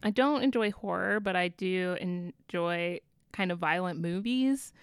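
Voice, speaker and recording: A woman co-hosting a casual book club podcast, talking in a relaxed, self-deprecating way. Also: fairly low pitch, measured pace, clear, resonant tone, no echo, studio quality. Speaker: podcast co-host.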